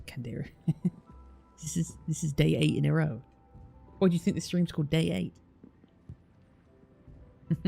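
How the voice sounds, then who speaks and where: A man's voice: on the high side, vocal fry, mellow, husky. A British man live-streaming, reading out place names one by one and chatting casually with his viewers, with the odd swear.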